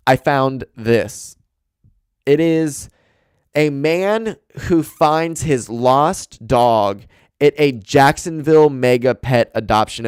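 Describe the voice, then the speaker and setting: A young man hosting a solo podcast at home, rambling casually, swearing a lot and getting excited. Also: mid-range voice, clear, resonant tone, dry recording, studio quality. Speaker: podcast host. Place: home room with dog and carpet. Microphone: desk mic and camera.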